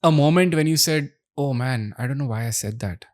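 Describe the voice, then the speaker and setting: A man with an Indian English accent hosting a podcast, asking quick quiz questions and giving short, upbeat reactions. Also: medium pitch, darkish tone, no echo, clean studio sound. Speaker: podcast host. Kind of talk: casual podcast interview.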